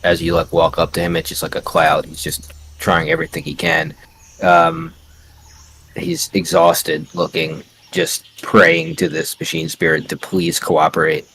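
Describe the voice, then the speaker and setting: A man's voice: low voice, very animated, measured pace, creaky, fairly bright tone, slight background noise. A man playing a tabletop role-playing game, describing his character in a casual way. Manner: casual, with fillers. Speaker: player.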